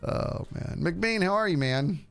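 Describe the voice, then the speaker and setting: A man's voice: high voice, lively intonation, a little slow, gravelly, smooth, soft background music. A man streaming a game, chatting casually and rambling to his viewers. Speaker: livestreamer. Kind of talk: casual gameplay stream chat.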